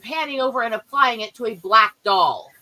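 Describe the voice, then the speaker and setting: A woman in casual commentary chat, blunt and animated, swearing freely and mimicking people as she retells stories. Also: a little high, moderate pace, rough recording.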